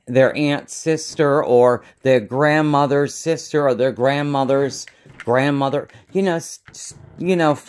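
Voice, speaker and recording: A man who works as a psychic medium, talking to camera in a rambling, casual vlog and often losing his train of thought. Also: mid-range voice.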